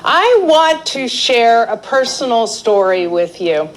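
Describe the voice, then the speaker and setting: A middle-aged woman teaching a live art therapy class, telling a personal story in a chatty, animated way. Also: on the high side, takes it slowly, a little hiss or hum, low-quality recording. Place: indoor class or seminar room.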